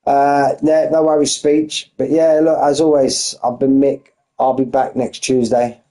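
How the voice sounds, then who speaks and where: A man commentating a sim racing league race, excitable and out of breath, firing off shout-outs. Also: mid-range voice, measured pace, low-quality recording. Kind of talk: live esports race commentary.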